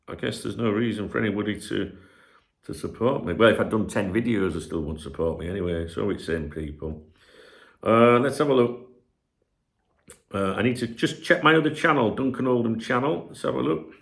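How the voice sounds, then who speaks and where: A man's voice: lowish voice, normal speed, creaky, fairly bright tone. A middle-aged man hosting his own channel, chatting casually at home, rambling, losing his train of thought and swearing freely. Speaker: channel host. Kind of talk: casual rambling chat to camera. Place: home room where he streams.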